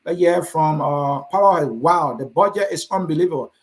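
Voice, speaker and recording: A man's voice: a little high, normal speed. A man with a Liberian accent hosting a political talk show, reading viewer comments aloud and answering them with a combative, direct manner. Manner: combative, addresses commenters by name.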